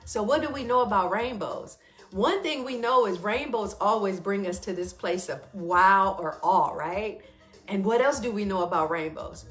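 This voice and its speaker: A woman's voice: mid-range voice, moderate pace, a bit bright, roomy sound, faint music behind. A middle-aged woman hosting a casual spoken reflection and guided practice, often checking in with her listeners. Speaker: wellness teacher and host.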